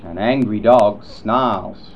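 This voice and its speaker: A man slowly reading an animal-sounds lesson, naming each animal in turn, in a muffled lo-fi recording. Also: on the low side. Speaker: narrator. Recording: muffled lo-fi recording, faint hiss.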